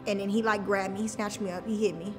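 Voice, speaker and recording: A woman's voice: mid-range voice, level tone, fast, big-room sound, over music. A woman as an interview guest, telling a personal story in a colloquial, emotional way with many fillers.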